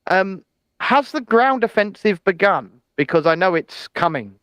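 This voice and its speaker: A man's voice: sits high, animated, unhurried, fairly bright tone, clean tone, dry recording. A man co-hosting a casual news chat show, talking in an opinionated, chatty way with hedging asides. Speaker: co-host.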